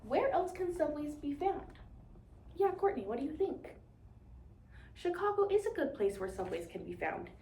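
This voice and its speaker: A woman's voice: high voice, big pitch swings, moderate pace, creaky, long pauses, warm tone, a little hiss or hum. Young woman as a cheerful teacher, leading call-and-response, recorded in an echoey room. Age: young adult. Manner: upbeat, encouraging, call-and-response. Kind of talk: demonstration lesson to imagined class. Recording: echoey room, mic at a distance.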